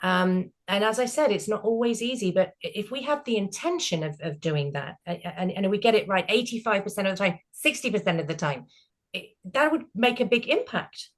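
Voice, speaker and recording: Lively British woman telling stories. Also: mid-range voice, a little fast. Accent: British English. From Britain. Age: middle-aged. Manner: animated, acts out voices in her stories. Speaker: group session host. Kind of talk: casual storytelling in a group discussion.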